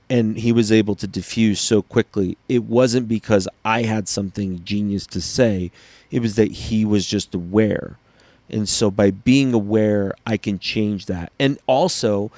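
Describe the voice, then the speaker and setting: A man's voice: on the low side, darkish tone, dry recording. A man co-hosting a casual podcast chat, earnestly explaining his ideas at length. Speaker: podcast co-host.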